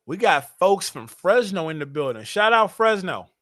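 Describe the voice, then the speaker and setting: A young man hosting a sports fan livestream, animated and hyped, talking straight to his chat. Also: high-pitched, moderate pace, no room sound, studio quality. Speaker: fan show host.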